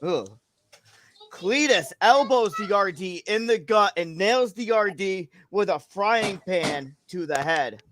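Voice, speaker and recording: A mid-pitched host reading an over-the-top wrestling story at an easy pace, with a faint hiss behind the voice. Steady storytelling that now and then jumps in to correct someone. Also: a little slow. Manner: coaching and correcting the reader. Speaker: show host. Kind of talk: livestream read-along and chat.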